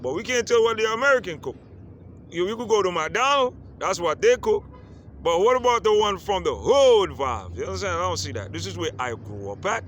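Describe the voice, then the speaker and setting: Guy from the islands vlogging on the street, kinda high voice, keeps going "you understand?". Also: lively intonation, fairly quick, a bit bright. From Caribbean island. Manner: repeats "you understand?" often. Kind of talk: casual monologue to camera. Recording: faint street noise outdoors.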